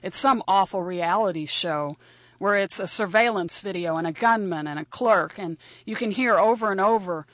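A woman's voice: mid-range voice, normal speed, fairly bright tone, dry recording. A woman telling a first-person story in a wry, conversational and vivid way.

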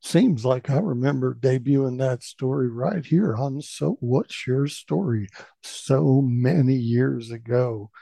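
This part-time host, a middle-aged man, recounts a funny personal anecdote slowly, giving its characters playful, acted-out voices. His mid-range pitch sounds creaky and mellow, and the recording is dry, with no echo or room sound.

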